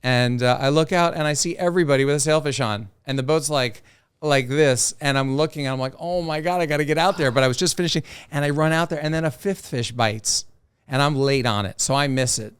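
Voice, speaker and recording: A man's voice: mid-range voice, fairly quick, smooth, no room sound. A man, a professional angler, casually telling stories from the sea as a podcast guest, acting out the people he quotes. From South Florida. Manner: animated storyteller who acts out quoted voices. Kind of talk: casual storytelling.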